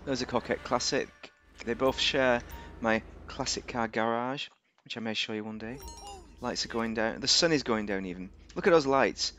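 A man's voice: medium pitch, normal speed, fairly bright tone, slight background noise. A man giving rambling, joking commentary while reviewing a video game. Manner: rambling, chatty, jokey asides. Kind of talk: casual gameplay commentary.

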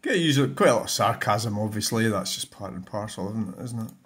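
A man's voice: fairly low pitch, animated, fast talker, a bit bright. An older man with a Scottish accent giving a casual, rambling channel update, muttering and swearing bluntly.

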